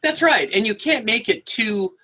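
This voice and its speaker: A man's voice: high voice, animated, normal speed, bright, forceful tone. A man telling humorous stories as a guest speaker, acting out the people in them and laughing as he talks. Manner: acts out characters in stories, laughs while talking. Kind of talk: animated storytelling conversation.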